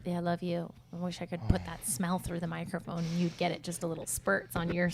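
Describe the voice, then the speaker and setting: A woman with a slightly low voice co-hosting a relaxed podcast. She talks in a reflective, giggly way, with a faint hum of background noise in the room. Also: brisk, creaky. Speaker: podcast co-host. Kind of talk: casual podcast chat.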